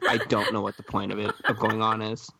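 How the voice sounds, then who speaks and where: A man's voice: on the low side, monotone, fairly quick, creaky, pushed and bright, slight background noise. A man co-hosting a podcast, chatting casually with wry, joking asides. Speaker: podcast co-host.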